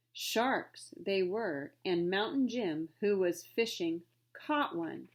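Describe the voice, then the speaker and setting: Woman narrator, storybook read-aloud, clear and steady delivery. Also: mid-range voice, slow pace. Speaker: reader.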